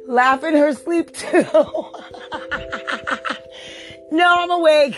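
A woman's voice: high-pitched, drawn-out words, faint music behind. A woman hosting her own podcast late at night, sleepless and chatting casually while she keeps breaking into helpless giggles. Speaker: podcast host. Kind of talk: solo podcast chat.

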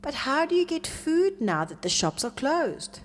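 A woman voicing an eager, friendly young male pet dog in a storybook reading, speaking in a high, excited voice. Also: measured pace, in a large hall. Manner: bright and excited, high-pitched.

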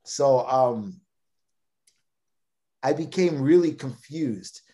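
Speaking very slowly but expressively, in a warm, medium-pitched voice, the Brooklyn podcast guest in his thirties recounts a long personal story. He rambles casually, repeatedly stammering and starting over.

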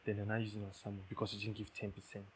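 A man's voice: on the low side, monotone, racing, slight background noise. A man preaching a sermon, emphatic, repeating key phrases and checking that listeners understand.

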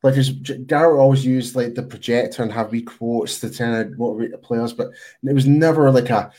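A man's voice: medium pitch, brisk, dark tone, a little hiss or hum. A man co-hosting a casual sports podcast, rambling and restarting his thoughts as he goes. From United Kingdom. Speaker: podcast co-host.

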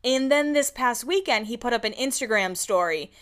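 A woman chatting casually on a podcast, telling stories in a quick, gossipy way. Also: fairly high pitch, animated. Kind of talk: casual chat.

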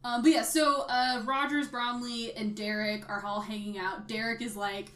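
A woman co-hosting a casual film chat, animated and swearing freely. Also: a little high, normal speed. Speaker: podcast co-host. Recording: roomy echo.

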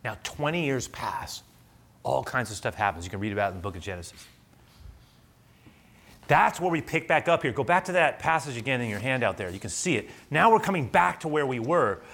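A male pastor preaching a sermon, telling a scripture story with lively, acted-out energy. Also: mid-range voice, a little fast, vocal fry. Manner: animated storyteller, acting out the scripture.

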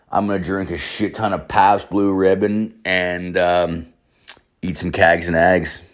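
A man casually telling a rambling, profane story as a vlogger, piling up "I was like" asides. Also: sits low.

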